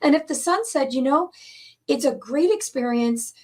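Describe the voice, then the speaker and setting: A woman coach giving an earnest teaching talk on relationships, speaking in slow, measured phrases. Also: high-pitched, animated.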